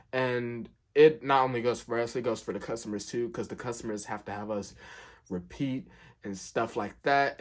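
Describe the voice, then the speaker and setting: A young man telling a work story in a casual, animated way, acting out the quotes with big jumps in pitch. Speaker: storyteller, fast food worker.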